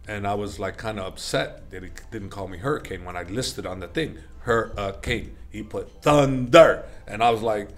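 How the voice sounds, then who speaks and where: A man's voice: lowish voice, normal speed, hardly any pauses, soft background music. A middle-aged man, an interview guest, telling stories in a rambling, casual way with many fillers and self-corrections. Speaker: interview guest, MMA coach.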